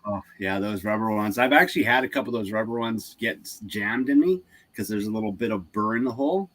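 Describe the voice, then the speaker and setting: A man's voice: lowish voice, expressive, fast talker, a bit bright. A Canadian man hosting a live stream, rambling casually about car repairs, with many restarts. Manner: rambling, restarts, laughs often.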